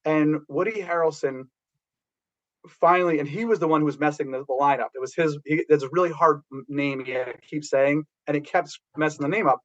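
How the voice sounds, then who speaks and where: A middle-aged man tells stories in a loose, rambling way, full of restarts. His voice sits a little high for a man. The recording sounds dull and lo-fi. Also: a little fast. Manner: rambling, animated storytelling with restarts. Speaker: guest, background actor. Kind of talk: casual anecdote telling.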